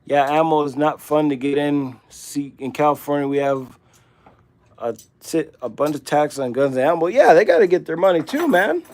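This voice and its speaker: A man's voice: fairly high pitch, expressive, normal speed, a little mellow. A man with a Midwestern accent, hosting a livestream and chatting casually while he works, in a rambling, laid-back way. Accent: Midwestern American. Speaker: livestream host. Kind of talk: casual livestream chat while working on a task.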